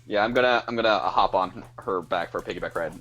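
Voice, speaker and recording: A man's voice: lowish voice, fast, fairly bright tone. A man playing a tabletop game over a call, playful and enthusiastic, joking along. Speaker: player.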